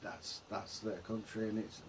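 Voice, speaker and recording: A man's voice: lowish voice, flat delivery, a little slow, vocal fry, slight background noise. An English man co-hosting a vlog in casual chat, rambling and trailing off mid-sentence. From England. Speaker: vlog co-host.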